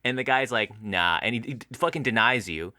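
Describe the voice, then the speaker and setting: Co-hosting a podcast, a man reviews a film in casual, animated chat, swearing freely and acting out scenes. His medium-pitched voice is brisk, recorded at studio quality without echo.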